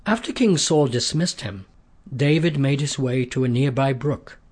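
A man narrating a scripted story in a steady, measured way, with a husky voice. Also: mid-range voice.

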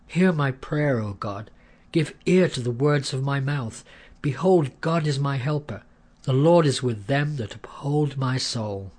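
A brave, forgiving young hero, voiced by a male storyteller. The voice is husky and earnest and carries a sincere conviction. It is a plain storybook characterization, not a heavy put-on. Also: mid-range voice, unhurried, close to an everyday voice. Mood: prayerful. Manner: earnest, calling out loudly across a valley.

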